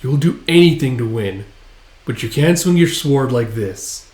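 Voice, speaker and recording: A man voicing a calm, smug young male mercenary commander with a cool, condescending way of talking. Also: medium pitch, a little slow, lightly acted. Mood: taunting. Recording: roomy echo.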